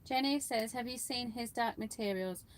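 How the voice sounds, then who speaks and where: A woman's voice: fairly high pitch, normal speed. A woman co-hosting a casual livestream chat, teasing her co-host, giggling, and reading out viewer comments.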